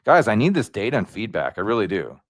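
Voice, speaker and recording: A man with a fairly low voice chats casually to viewers of his livestream, rambling and slangy. His pitch swings widely, leaping up when excited. The sound is dry and close. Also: fast, no room sound. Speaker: YouTube livestream host.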